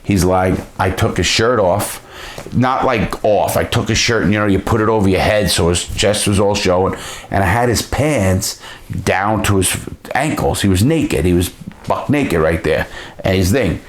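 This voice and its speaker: Low-voiced man telling blunt stories. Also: moderate pace. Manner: blunt, profane, with frequent restarts. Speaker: storyteller. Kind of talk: casual storytelling.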